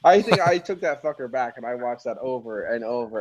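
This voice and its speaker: Man, host, casual beer chat, crude jokes, laughs a lot, lively pitch. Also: a little fast, lo-fi sound, over a noisy crowd. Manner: crude, joking, laughs often.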